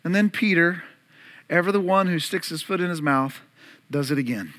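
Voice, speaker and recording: A male pastor with a high, ringing, bright voice preaches an Easter sermon. He speaks with earnest conviction and keeps turning to the congregation with direct questions. His tone is focused and urgent throughout. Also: moderate pace.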